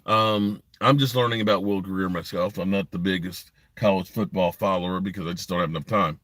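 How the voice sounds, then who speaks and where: Guy doing a sports live stream off his phone in a driveway, blunt rambling rant, low dry voice. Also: fairly even intonation, brisk, a bit bright, no room sound. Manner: blunt, rambling, frustrated, talks to live chat. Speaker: sports podcast host. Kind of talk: casual live-stream commentary. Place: parked in a driveway.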